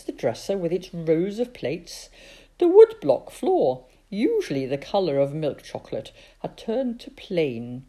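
A woman reading a children's story aloud, expressive and dramatic, with hushed asides. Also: low-pitched.

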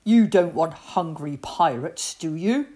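A woman voicing an indignant male pirate ship's cook in a storybook, protesting in a slow, raised voice. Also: low-pitched, animated, warm tone.

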